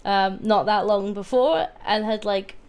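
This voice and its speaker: A woman's voice: mid-range voice, unhurried, darkish tone. A woman chatting casually, giggling often and swearing freely. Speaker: guest. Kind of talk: casual chat.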